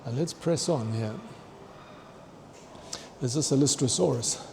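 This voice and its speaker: A man excitedly touring a fossil museum, chatting to his viewers and tripping over long names. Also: medium pitch, measured pace, vocal fry, a little hiss or hum. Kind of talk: walking museum tour vlog. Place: indoor museum hall.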